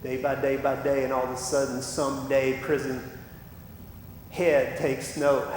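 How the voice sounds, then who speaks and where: A man's voice: level tone, a little slow. A man preaching a sermon as pastor, impassioned and given to acting out what people say. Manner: impassioned, acts out quoted voices. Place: church sanctuary. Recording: echoey church hall with rumble.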